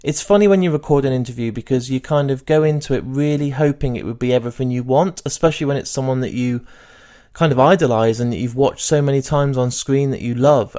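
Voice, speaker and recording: Give me an enthusiastic male podcast host with an average-pitched voice. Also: a little mellow. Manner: enthusiastic, effusive. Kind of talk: interview and outro talk.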